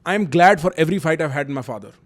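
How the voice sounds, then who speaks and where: Speaking fairly high and racing along, this young man uses lively intonation as he shares frank, forceful personal stories on camera. He's a YouTube host with an Indian English accent who mixes Hindi kinship terms and slang into his talk.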